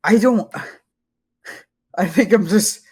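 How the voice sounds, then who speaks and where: A man's voice: high-pitched, slow, a little mellow, slightly rough. A young man co-hosting a podcast, stammering and laughing in exasperation at his friend's story. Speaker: podcast co-host. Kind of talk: casual chat.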